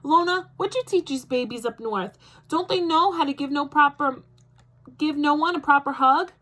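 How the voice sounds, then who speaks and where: A woman voicing a tiny, fussy old grandmother with a Southern US accent, in a squeaky, loud, sharp voice. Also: moderate pace. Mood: bossy, doting.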